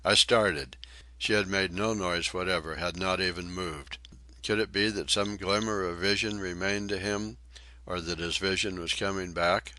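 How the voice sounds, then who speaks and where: Deep, forceful male audiobook narrator, dry close sound. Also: fairly even intonation, normal speed, dry recording. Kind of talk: scripted narration.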